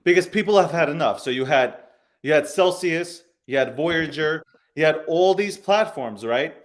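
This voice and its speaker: A man's voice: fairly high pitch, lively intonation, moderate pace. A man hosting a podcast, ranting angrily and profanely, hammering his points home by repeating phrases. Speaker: show host. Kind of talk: heated crypto podcast rant.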